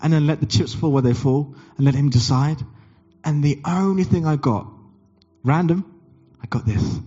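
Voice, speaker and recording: A man preaching a sermon, telling a story and acting out the dialogue with big jumps in pitch. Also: moderate pace, warm tone, breathy edge, lo-fi sound, soft background music. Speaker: pastor.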